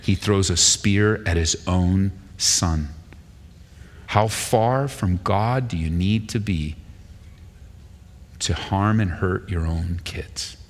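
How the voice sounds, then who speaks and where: A male pastor giving a sermon and reading scripture aloud, with an animated delivery that jumps higher in pitch when he quotes speakers. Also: slow pace, pauses often. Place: church sanctuary. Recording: long hall reverb.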